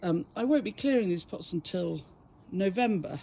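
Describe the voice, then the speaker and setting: Chatty English woman with a gravelly edge. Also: lowish voice, lively intonation, moderate pace, dark tone. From England. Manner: chatty, rambling, self-amused. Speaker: flower farmer. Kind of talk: casual garden tour vlog. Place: outdoors in a garden by a back door.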